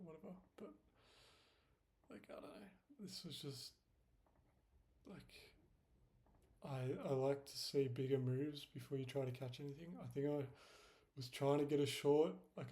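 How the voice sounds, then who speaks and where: A man's voice: mid-range voice, warm tone. A young man in casual screen-share commentary, rambling and self-deprecating, with many fillers. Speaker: trading vlogger.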